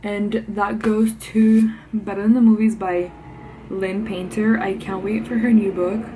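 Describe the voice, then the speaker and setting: A young woman talks books in a bubbly, chatty way, a bit out of breath and full of fillers. Her voice sits at a middle pitch. Faint ambient noise hums behind her. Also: level tone, measured pace, mellow, rough recording. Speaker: book vlogger. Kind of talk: casual chat. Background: faint ambient noise, passing car.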